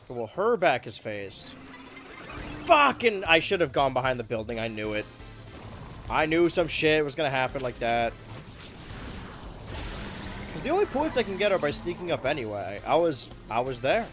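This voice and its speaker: A young man casually commenting on his gameplay as a streamer, chatty and self-mocking, with sudden loud outbursts and a voice getting worn. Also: medium pitch, very animated, moderate pace, pauses often, soft background music.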